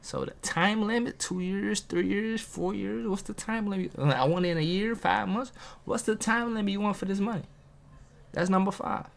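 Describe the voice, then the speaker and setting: A man's voice: high voice, normal speed, vocal fry. A man giving a casual motivational talk to camera from a table, preaching and throwing rhetorical questions at his viewers. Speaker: motivational video host. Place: at a table, self-filmed.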